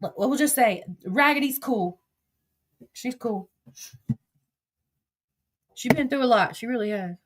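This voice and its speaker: On the high side and unhurried, this Southern woman's voice has lively intonation and long pauses, with slight background noise. She hosts a livestream, telling casual stories, cursing openly and reading out text messages.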